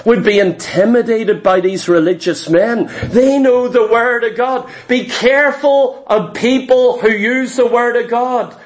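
A preacher with a strikingly high-pitched voice delivers a sermon. He speaks emphatically, repeats key phrases and throws rhetorical questions at his listeners. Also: fairly even intonation, a little slow, few pauses.

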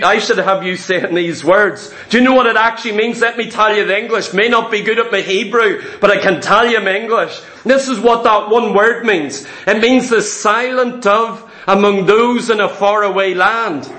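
A man's voice: high-pitched, bright, forceful tone, roomy sound. A man preaching a sermon to a congregation, emphatic and impassioned, calling out to the saints.

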